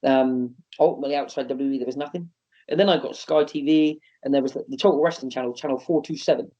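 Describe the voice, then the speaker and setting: A man's voice: medium pitch, quick pace. A man in his thirties, a wrestling promoter, telling stories casually in an interview and acting out quotes in a raised voice. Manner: animated storyteller, acts out quotes in a raised voice. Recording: dull lo-fi podcast audio.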